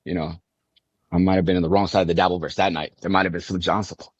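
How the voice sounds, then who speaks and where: A man bantering on a livestream in an animated, self-mocking, jokey way. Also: low voice, fast talker, breathy edge, no echo, muffled recording. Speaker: streamer on a livestream.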